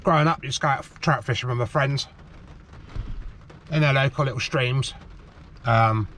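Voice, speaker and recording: A middle-aged man from the Cotswolds chats away to the camera on a tripod by the shore, rambling from one thought to the next and calling everyone "guys". He speaks around a sweet in his mouth, in a voice of average pitch. Faint outdoor ambience hums behind him. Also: normal speed, fairly bright tone, a little hiss or hum. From England, the Cotswolds. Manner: chatty, rambling, keeps calling viewers "guys". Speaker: fishing channel host. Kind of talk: casual vlog chat to viewers. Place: outdoors on the shore of a harbour, light rain.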